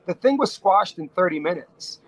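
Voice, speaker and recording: A middle-aged man from New York, a restaurateur telling stories as a podcast guest, talking in quick bursts with frequent restarts. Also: high-pitched, breathy edge, low-quality recording. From New York, USA. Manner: animated storyteller, talks fast in bursts with frequent restarts. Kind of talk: casual storytelling interview.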